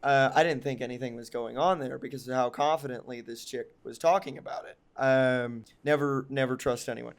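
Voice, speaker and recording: A man's voice: mid-range voice, fairly even intonation, brisk, hardly any pauses. A young man telling a long personal story on a podcast, casual and rambling, full of ums and likes, and often mocking himself. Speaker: podcast co-host.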